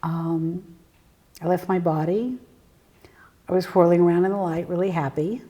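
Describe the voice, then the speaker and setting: A woman guest telling personal stories in an interview, earnest and reflective, halting with fillers and sometimes sinking to a near whisper. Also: fairly low pitch, mellow, dull audio. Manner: halting, with frequent fillers and restarts. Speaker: guest, spiritual medium.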